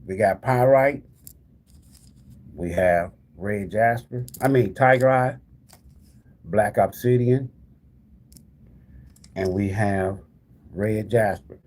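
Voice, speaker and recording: A man with a lowish, slightly mellow voice hosts a tarot live stream, speaking slowly with long pauses. He chats casually with viewers, calling them "y'all," repeats the same calls to them over and over, and gives away prizes.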